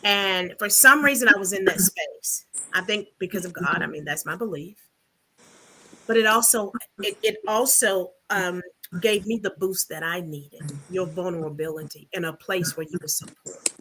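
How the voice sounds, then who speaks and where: Bright, emphatic woman. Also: lowish voice, moderate pace, slight background noise, rough recording. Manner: emphatic, preachy, motivational. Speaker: discussion panelist. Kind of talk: earnest group discussion.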